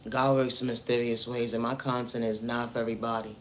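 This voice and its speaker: A man's voice: mid-range voice, flat delivery, fast talker, a bit bright, a little hiss or hum. A man delivering a preachy motivational monologue about faith and self-worth, speaking straight to the viewer and returning again and again to the same refrains. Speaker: spiritual vlogger.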